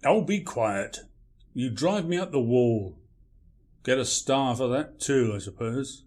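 An actor playing a grumpy, irritable writer with a curt, dry way of talking. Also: male voice, medium pitch, lively intonation, slow pace, a little mellow. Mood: irritated. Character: grumpy, irritable male writer named Kilter.

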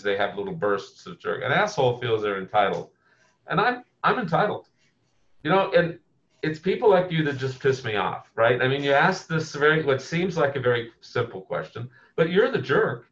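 A man's voice: mid-range voice, fairly bright tone, lightly acted. A man playing a blunt, proudly abrasive male tech visionary who talks in an emphatic, combative way and swears freely. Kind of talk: comedic impression interview. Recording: muffled lo-fi audio.

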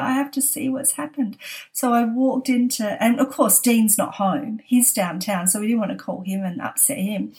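A middle-aged Australian woman telling a casual story, chatty and laughing as she goes. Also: medium pitch. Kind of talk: casual spoken anecdote.

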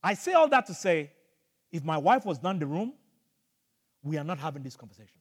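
An older man from Nigeria preaching a sermon as pastor, telling a story with animated energy and bursts of shouting. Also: fairly high pitch, brisk, slightly rough, in a large hall. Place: church hall.

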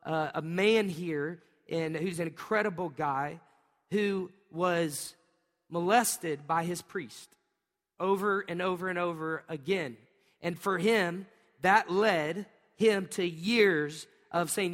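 A middle-aged pastor preaching a sermon, animated and storytelling, often laughing and acting out voices. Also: male voice, sits high, slow. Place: large church hall. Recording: long hall reverb.

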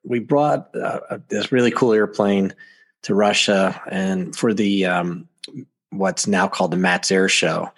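A man's voice: sits low, slow. A man, a guest on a talk show, telling anecdotes casually and chuckling often. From United States. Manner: animated, laughs often while telling anecdotes. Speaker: podcast guest. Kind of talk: casual storytelling.

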